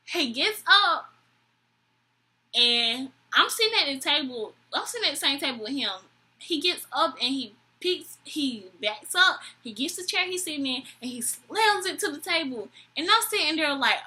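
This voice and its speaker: A woman's voice: high-pitched, normal speed. Exasperated young woman telling a story. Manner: animated, exasperated, swears often. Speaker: vlogger. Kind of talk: storytime vlog.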